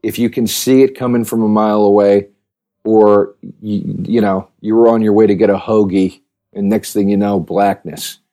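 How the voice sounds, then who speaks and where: A man's voice: fairly low pitch, steady tone, normal speed, warm tone. A man hosting a podcast, talking in a rambling, casual monologue full of restarts and fillers. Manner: rambling, restarts, heavy use of "like". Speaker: podcast host.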